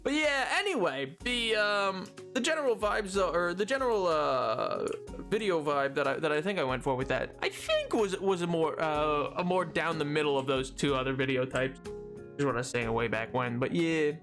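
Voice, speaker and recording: A woman's voice: low voice, expressive, moderate pace, fairly bright tone, faint music behind. A woman streaming a game, chatting casually in a rambling, self-interrupting way and laughing often. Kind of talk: casual live-stream chat while gaming.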